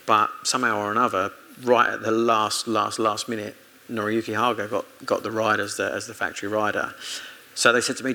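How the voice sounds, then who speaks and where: A man's voice: lowish voice, level tone, a little fast, creaky, pushed and bright, low-quality recording. A man from Britain, a former motorcycle racer, telling chatty anecdotes in an interview and quoting his own conversations. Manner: chatty anecdotes with laughs and self-quoted dialogue. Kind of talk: casual storytelling interview.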